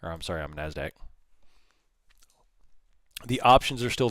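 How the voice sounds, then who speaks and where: A man hosting a live trading stream, giving animated, folksy market commentary straight to his viewers. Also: sits low, moderate pace, no echo, clean studio sound. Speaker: options trader hosting a livestream.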